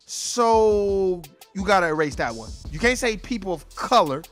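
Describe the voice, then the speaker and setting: A man's voice: sits high, lively intonation, normal speed, fairly bright tone, faint music behind. A man hosting a casual conversation, talking in a blunt, emphatic and profane way. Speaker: podcast host.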